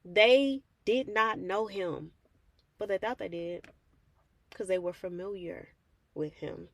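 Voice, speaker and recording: A woman's voice: mid-range voice, slow pace, vocal fry. A woman host sharing a personal faith testimony in a conversational, heartfelt way, acting out the prayers she quotes. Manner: conversational and heartfelt, calls listeners "baby", acts out quoted prayers. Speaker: host of a faith reflection channel.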